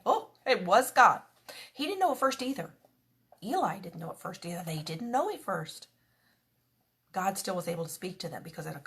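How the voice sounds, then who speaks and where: A woman's voice: medium pitch, animated, normal speed, fairly bright tone. A woman giving a conversational devotional talk, chatty and earnest, slipping into little quoted prayers as she teaches. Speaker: devotional speaker.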